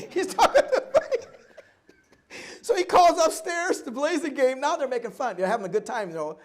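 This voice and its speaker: A man in his seventies, a guest at a live oral history event, telling stories from his life in an animated way and acting out both sides of each conversation. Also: very high-pitched, normal speed. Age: 70s. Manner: animated storyteller who acts out dialogue and laughs often.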